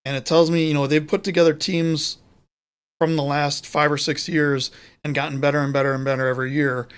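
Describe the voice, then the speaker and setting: A man's voice: a little high, little pitch movement, a little fast, clear, resonant tone. A man co-hosting a live sports show, talking casually and rambling, often correcting himself mid-sentence. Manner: rambling, self-correcting, chatty. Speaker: podcast co-host.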